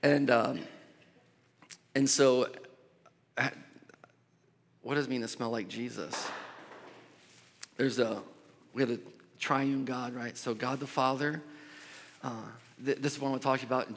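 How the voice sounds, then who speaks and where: A man's voice: medium pitch, sharp tone. A man preaching a sermon in a church, talking in a loose conversational way with restarts and asides. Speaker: pastor. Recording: long echo of a large hall.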